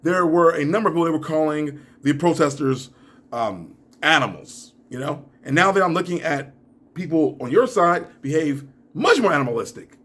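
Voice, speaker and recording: A young adult man giving reaction commentary in a video, ranting and laughing, his voice rising to near shouts and sinking to mumbles. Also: fairly high pitch, a little fast. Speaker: YouTuber.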